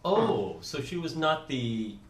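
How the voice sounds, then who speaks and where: A man playing a tabletop game, asking questions in character in a measured, inquisitive way. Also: a little high, very animated, roomy sound, slight background noise. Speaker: player.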